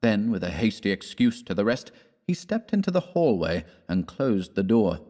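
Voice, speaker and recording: A man narrating a classic story in a measured, theatrical reading, giving the characters their own voices. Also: fairly low pitch, big pitch swings, dark tone. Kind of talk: scripted audiobook narration.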